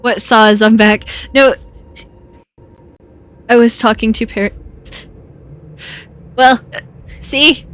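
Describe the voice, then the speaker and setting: A woman's voice: fairly high pitch, fairly even intonation, drawn-out words, pauses often, a bit bright. A woman streaming a game, chatting casually with viewers, giggling often and hiccupping. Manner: giggly, laughs often between lines. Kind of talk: casual live-stream chat while gaming.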